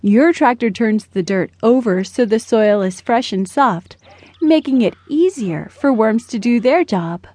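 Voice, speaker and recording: A woman's voice: on the high side, lively intonation, measured pace, mellow, dry recording. A woman voicing a friendly, chatty little male worm in a children's storybook. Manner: cheerful, explaining.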